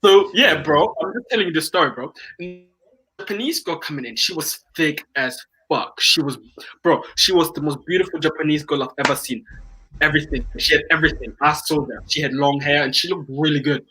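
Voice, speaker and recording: A man's voice: fairly high pitch, a little fast, sharp tone, breathy edge, poor audio. A man hosting a casual chat, telling a club story in slangy, profane speech. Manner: storytelling, slangy, swears freely. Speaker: host.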